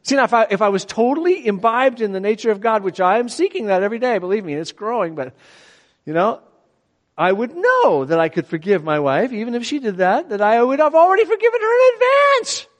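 A very high voice, a little fast, fills a large hall as a middle-aged man preaches. He's animated and talks to the congregation conversationally, asking them questions again and again.

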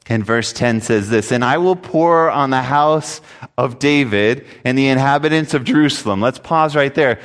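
A man preaching a sermon, telling a story earnestly and reading scripture aloud. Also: a little high. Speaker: pastor. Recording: long hall reverb.

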